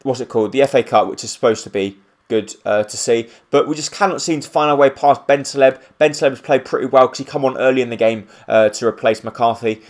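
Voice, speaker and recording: A man commentating his own football video game as he plays, with excitable play-by-play and rambling asides. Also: medium pitch, quick pace. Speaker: gaming YouTuber.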